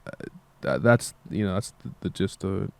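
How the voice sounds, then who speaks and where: A man's voice: low voice, lively intonation, moderate pace, creaky, clean tone, no room sound. A tired young man who makes music, talking in a meandering casual monologue and swearing freely. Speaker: musician vlogger.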